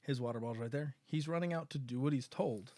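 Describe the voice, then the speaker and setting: Male co-host, relaxed dad, casual anecdote, dry close sound. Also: mid-range voice, quick pace, no echo. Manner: relaxed storyteller, laughs often. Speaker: father. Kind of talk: casual chat.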